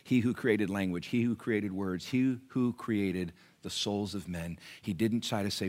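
Lively, bright-voiced male preacher. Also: mid-range voice, normal speed. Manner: lively preaching with acted-out voices and calls to the congregation. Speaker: pastor. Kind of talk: sermon. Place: church.

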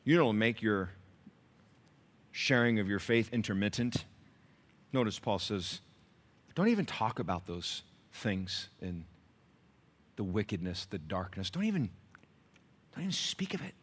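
A male pastor preaching a sermon, telling stories with lively swings from shouts to hushed whispers. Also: fairly low pitch, a little slow, long pauses.

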